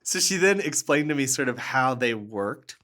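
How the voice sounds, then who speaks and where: A man telling stories as a podcast guest, animated and earnest, often laughing and restarting his sentences. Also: mid-range voice, normal speed. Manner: earnest, warm, with fillers and restarts. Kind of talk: conversational storytelling.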